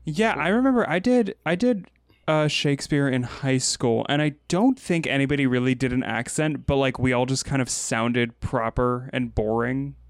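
A man's voice: medium pitch, normal speed, dry recording, clean studio sound. A man talking as a podcast guest in a chatty, rambling way. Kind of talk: casual chat.

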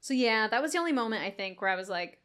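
A woman's voice: fairly high pitch, fast talker. A woman co-hosting a casual podcast, chatting about a movie with frequent laughs and acted-out quotes. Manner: animated, laughs often, acts out quotes. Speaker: podcast co-host. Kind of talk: casual movie review chat.

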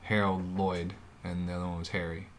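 A man hosting a comedy podcast, rambling in a deadpan way through deliberately wrong facts. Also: low-pitched, a little hiss or hum. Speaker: podcast host. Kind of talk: casual comedy chat.

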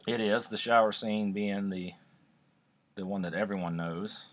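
A man with a fairly low voice talks casually over a beer, rambling and joking. He restarts his sentences often and keeps an easy, conversational pace. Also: steady tone, measured pace. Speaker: podcast co-host. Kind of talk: casual chat.

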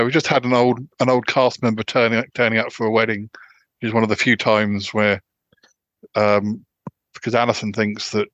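A man hosting a casual podcast chat, talking haltingly with many restarts and fillers. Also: on the low side, fairly bright tone, dry recording. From United Kingdom. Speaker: podcast host. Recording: dull, lo-fi sound.

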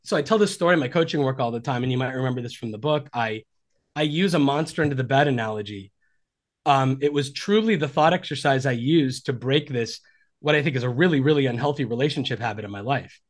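A man's voice: medium pitch, fast talker. A man in his forties, a relationship coach talking earnestly and reflectively on a podcast. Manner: earnest and reflective, acting out quoted dialogue. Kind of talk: conversational podcast interview.

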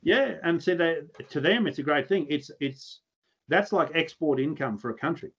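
A man's voice: on the high side, animated, moderate pace, fairly bright tone, slightly rough, dull audio. An Australian man chatting as a podcast guest, telling blunt, earthy stories with mild swearing. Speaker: podcast guest, pig hunter. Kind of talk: casual podcast chat.

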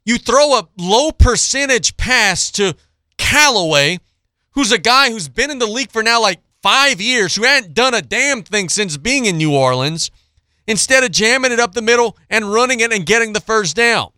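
A man's voice: very high voice, pushed and bright, clear, resonant tone, no echo, clean studio sound. A man hosting a sports radio show, ranting bluntly and sarcastically about a football team before reading out betting picks. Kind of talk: opinionated sports talk monologue.

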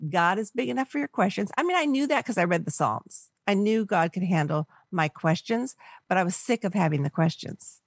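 An older woman from the Los Angeles area, a podcast guest, telling a personal story in an animated way and acting out the voices of people she quotes. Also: medium pitch, fairly quick, dry recording, studio quality. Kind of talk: storytelling in a conversational interview.

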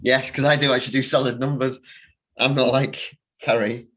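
A man's voice: mid-range voice, little pitch movement, moderate pace, a bit bright, low-quality recording. A man hosting a film podcast, talking casually and rambling with many fillers and restarts. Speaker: podcast host. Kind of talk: casual chat.

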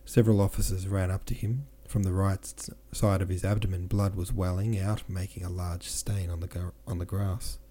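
A man reading a classic novel aloud as a podcast narrator, steady, with small slips he corrects himself. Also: deep voice, normal speed, few pauses, husky. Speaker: audiobook narrator and podcast host.

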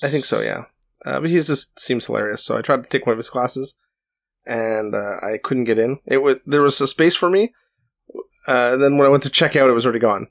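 A man co-hosting a relaxed hobby chat, rambling and self-deprecating, with lots of restarts. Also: medium pitch, fairly quick, creaky. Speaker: podcast co-host. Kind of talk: casual chat.

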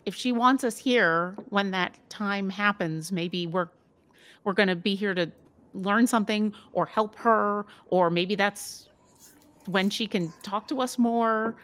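A woman's voice: mid-range voice, slow pace, a bit bright. A woman playing in a tabletop game, talking in a rambling, hesitant way with lots of fillers. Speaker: player. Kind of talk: casual tabletop play.

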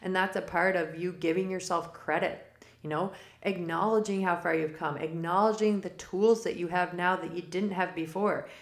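Woman, podcast host, low voice, gravelly, rambling, laughs often, echoey room. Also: fairly even intonation, normal speed. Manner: rambling and digressive; laughs often mid-sentence. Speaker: podcast host giving spiritual forecasts. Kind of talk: casual spoken monologue. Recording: roomy echo.

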